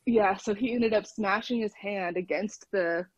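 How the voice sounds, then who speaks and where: A woman's voice: medium pitch, measured pace, husky, dry recording, highs cut off. A woman guest on a podcast, chatting casually and laughing often as she tells a story over a call. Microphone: phone call.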